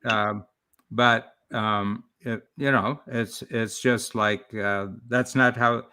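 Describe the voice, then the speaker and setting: A man's voice: fairly low pitch, steady tone, takes it slowly, sharp tone, smooth. A man talking as a business coach and author in a live-streamed interview, explaining his ideas in a rambling way with many restarts.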